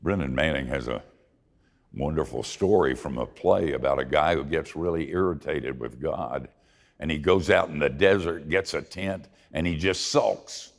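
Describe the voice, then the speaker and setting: An older man preaching a sermon, telling folksy, self-deprecating stories in an expressive way. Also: very deep voice, normal speed, gravelly, big-room sound. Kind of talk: sermon with storytelling.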